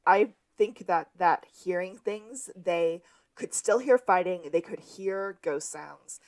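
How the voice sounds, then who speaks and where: A woman co-hosting a podcast, walking through an episode's plot in a relaxed, chatty way. Her voice sits a little lower than most women's. She laughs easily between the story beats. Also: slow. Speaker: podcast co-host. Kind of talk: casual chat recapping a TV episode.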